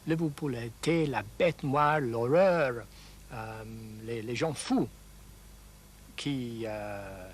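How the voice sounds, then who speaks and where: A man, speaking hesitantly with pauses and restarts. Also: medium pitch, breathy edge. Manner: hesitant, halting. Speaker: interviewee.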